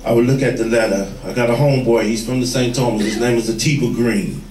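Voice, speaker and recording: A former gang leader telling street stories to young people, vivid and plain-spoken. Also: male voice, medium pitch, fairly even intonation, fast talker, darkish tone. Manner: vivid storyteller, acts out quoted voices. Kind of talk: storytelling talk to a room. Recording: echoey room, far from the mic.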